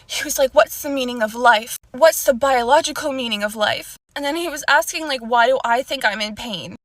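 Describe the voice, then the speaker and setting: Upset, bright-voiced young woman venting. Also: high-pitched, no room sound. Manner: upset, earnest storytelling. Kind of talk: emotional vlog rant.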